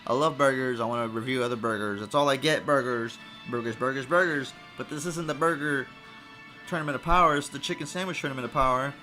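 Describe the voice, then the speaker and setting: Profane rambling man, bright voice. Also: mid-range voice, fast talker, faint music behind. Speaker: podcast host. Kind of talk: comedic food review monologue.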